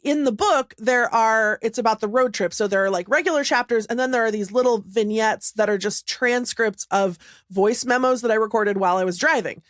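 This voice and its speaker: A woman's voice: a little high, fairly quick, dry recording, studio quality. A woman in her thirties co-hosting a podcast, rambling in casual chat with self-deprecating humor and laughter. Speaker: podcast co-host, author.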